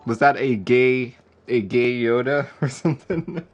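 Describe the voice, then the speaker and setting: A man's voice: mid-range voice, a little slow, highs cut off. A man live-streaming a keyboard build, chatting casually and joking with viewers. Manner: laid-back, joking with chat, often laughing.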